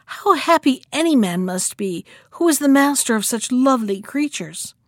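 A woman voicing an eager young peasant girl who cries out in excited, breathless delight. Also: high voice, moderate pace, no room sound, clean studio sound.

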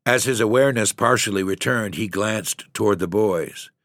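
A man reading a literary story aloud in a measured, steady narration. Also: on the low side, dry recording, studio quality. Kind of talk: scripted audiobook narration.

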